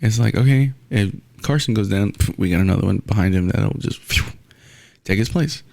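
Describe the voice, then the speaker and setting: A young man hosts his own podcast and rants in a casual, blunt, profane way. His voice sits fairly low and has a gravelly edge. The sound is close and dry, with little room around it. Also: normal speed, no echo. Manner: blunt, profane, animated ranting. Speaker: podcast host. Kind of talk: casual solo sports rant.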